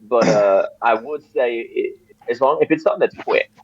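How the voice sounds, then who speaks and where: A man's voice: mid-range voice, normal speed. A man playing a tabletop game, speaking casually and hesitantly, repeating words as he thinks. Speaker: player. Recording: dry dull lo-fi mic.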